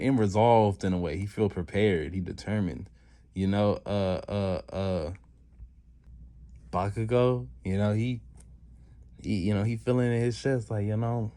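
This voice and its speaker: A man's voice: fairly low pitch, warm tone. A man casually recapping a story, rambling and slangy, full of fillers and restarts. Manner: rambling, loose slangy delivery with many fillers. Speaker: channel host recapping a fan story.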